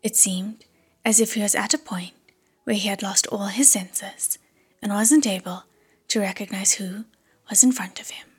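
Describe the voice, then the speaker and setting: Breathy whispering woman narrator. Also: mid-range voice, fairly even intonation. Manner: hushed, measured. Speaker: audiobook narrator.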